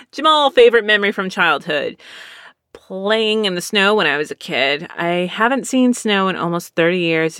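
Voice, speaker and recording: A woman's voice: medium pitch, expressive, normal speed, fairly bright tone, clear, resonant tone, no echo, studio quality. Chatty woman with a lisp. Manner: rambling and chatty, laughs often. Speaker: streamer reading viewer comments. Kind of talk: casual chat.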